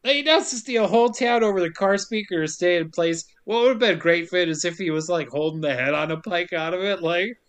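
High-voiced man recapping a film. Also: fairly quick, hardly any pauses, fairly bright tone, smooth. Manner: joking, profane, sarcastic. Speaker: podcast host recapping a film. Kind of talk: casual chat.

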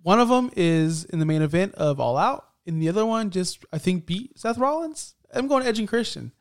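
A man co-hosting a wrestling podcast, animated and joking in casual chat. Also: high voice, normal speed. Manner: animated, joking, talks over his co-host. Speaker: podcast co-host.

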